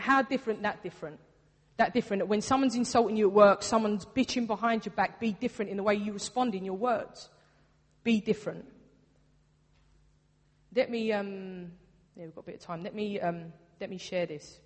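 A woman's voice: mid-range voice, moderate pace. Earnest woman preaching in a hall. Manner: earnest, conversational, with emphatic repetition. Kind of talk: sermon. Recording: long reverb of a hall.

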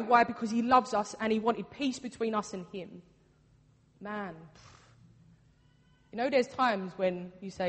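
A woman's voice: mid-range voice, fairly even intonation, a little slow, long pauses. Woman, casual but earnest preacher, repeats for emphasis; hall reverb. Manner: earnest, conversational, with emphatic repetition. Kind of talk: sermon.

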